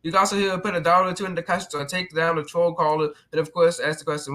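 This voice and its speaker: A man's voice: fairly high pitch, flat delivery, very fast, bright, forceful tone. A man hosting his own channel, delivering a sarcastic, mocking rant with many restarts. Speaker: channel host.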